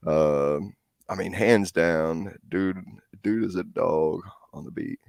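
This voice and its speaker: Male co-host, deep gravelly voice, loose and unhurried. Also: a little mellow, no room sound, clean studio sound. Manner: laid-back, full of filler words. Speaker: co-host reviewing songs. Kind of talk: casual review chat.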